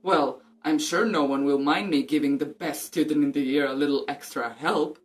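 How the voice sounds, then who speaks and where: A woman reading aloud plays a vain, self-satisfied male teacher, all smiles and smoothness. The voice stays low for a woman and a bit louder than her narration, in a storybook reading. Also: normal speed, faint music behind, lightly acted. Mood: smug.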